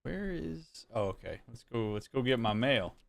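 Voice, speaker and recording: Man, gameplay commentary, relaxed, amused, chatty, middle pitch, faint noise. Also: moderate pace, vocal fry. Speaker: therapist gaming host.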